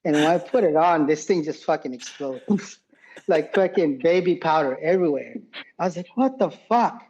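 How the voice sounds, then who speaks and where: A man's voice: a little high, moderate pace, a little mellow, breathy edge, lo-fi sound. A man in his forties, a podcast guest and former combat medic, telling war stories in a rambling, profane way and laughing often. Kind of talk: casual war storytelling.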